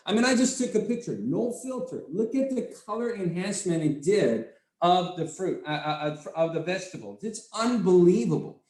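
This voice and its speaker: A man leading a sales training session, talking in an excitable, repetitive, salesy way. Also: high-pitched, moderate pace. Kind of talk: enthusiastic product training talk. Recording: echoey room.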